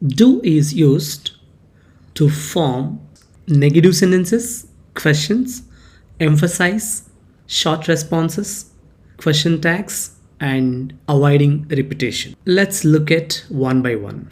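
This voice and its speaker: A teacher talks through a grammar lesson at an unhurried, measured pace. The pitch rises and falls in a lively way, leaning hard on key words in each example sentence and repeating them. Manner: reads example sentences aloud with stress and repetition. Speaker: English teacher. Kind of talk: slow explanatory grammar lesson.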